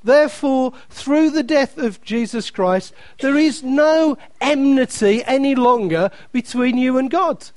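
A man's voice: very high-pitched, measured pace, hardly any pauses, a little mellow, no echo. A man preaching a sermon, emphatic and repeating key phrases, reading scripture aloud with playful asides to the congregation.

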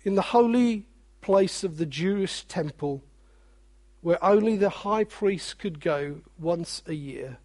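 A man preaching a sermon, animated, with joking asides and quiet, weighty drops. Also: high voice, slow.

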